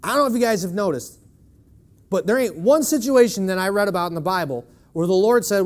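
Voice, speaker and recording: A man's voice: sits high, expressive, brisk. A man preaching a sermon in a church, emphatic and leaning on rhetorical questions to the congregation.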